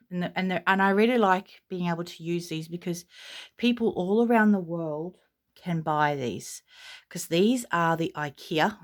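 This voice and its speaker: A woman with an Australian accent gives a casual, gushing, rambling tour of her nursery at home, full of fillers. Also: lowish voice. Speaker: vlogger.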